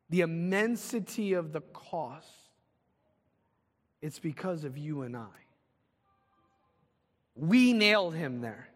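A man preaching a sermon as pastor, swinging from loud, urgent calls to hushed, slow lines. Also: high voice, big-room sound.

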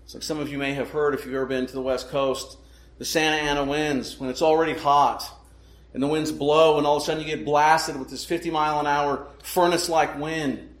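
Male pastor, slightly high voice, emphatic sermon delivery, echoey room. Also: steady tone, fairly quick. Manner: emphatic, asks rhetorical questions.

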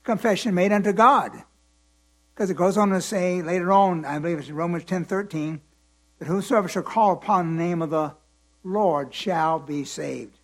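A man teaching from the Bible in a slow, deliberate way, repeating his points and letting the congregation fill in words, his voice tired at the end of the day. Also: high-pitched. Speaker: preacher.

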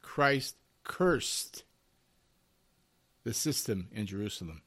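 A Bible teacher preaches a lesson to listeners he calls beloved, his lowish voice animated, slow and a little bright. He is emphatic, and his intensity rises and falls as he fires off strings of rhetorical questions.

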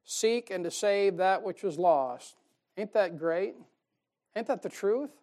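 A man preaches slowly in a voice that sits high. His sermon is folksy and insistent, punctuated by chuckles at his own jokes and swings between strong emphasis and gentle asides.

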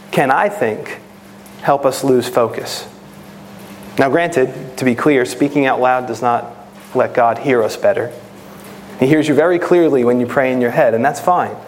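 A man's voice: medium pitch, a little slow, long pauses, a little hiss or hum. A man preaching a sermon in an earnest, teaching manner, a parent of children. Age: adult with children. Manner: earnest, rises to impassioned prayer voice.

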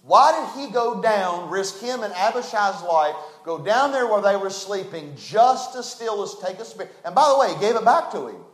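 High, echoey preacher man. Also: lively intonation, normal speed, few pauses. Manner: folksy, emphatic, swings between loud and hushed. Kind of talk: sermon.

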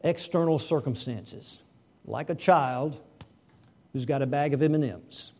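A man preaching a sermon, animated and asking the congregation rhetorical questions. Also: medium pitch, unhurried. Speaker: pastor.

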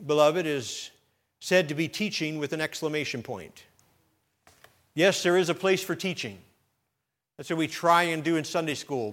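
A man's voice: a little high, fairly bright tone. A man, a pastor, preaching a sermon with emphatic rising bursts and light jokes to the congregation.

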